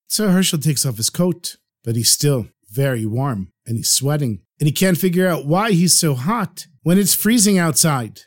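Lively, high-voiced male storyteller. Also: moderate pace, hardly any pauses. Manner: animated, vivid retelling. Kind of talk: storytelling narration.

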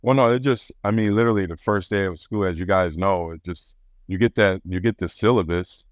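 A former basketball player chatting as an interview guest, relaxed and rambling, with fillers and restarts, from Rochester, New York. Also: male voice, sits low, a little fast, no room sound, studio quality. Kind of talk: casual interview storytelling.

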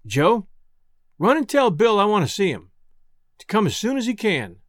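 A man's voice: sits high, wildly swooping pitch, moderate pace, no echo, studio quality, exaggerated voice. A man voicing a cheerful young village girl. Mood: tender.

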